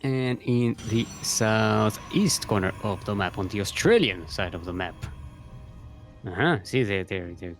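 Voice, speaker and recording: A man's voice: on the low side, animated, measured pace, faint music behind. A man casting a live video game match, joking and often restarting his sentences. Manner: rambling, jokey, frequent restarts. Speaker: esports caster.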